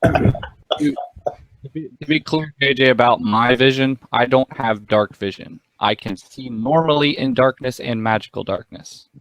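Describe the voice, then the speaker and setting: A man's voice: mid-range voice, unhurried, fairly bright tone, slight background noise, poor audio. A man playing a tabletop game, thinking aloud about his moves with hesitant fillers. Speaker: player. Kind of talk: casual tabletop game talk.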